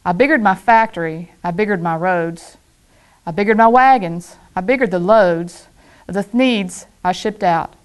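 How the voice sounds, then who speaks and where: A woman's voice: medium pitch, moderate pace, clear, resonant tone. A woman from a school staff reading a rhyming children's book aloud with a playful rhythm.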